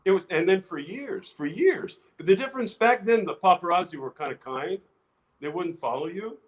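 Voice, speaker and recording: An older man, an actor guest, telling lively anecdotes in a casual interview, restarting phrases often. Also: high voice, moderate pace, rough recording. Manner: animated anecdotes with many restarts.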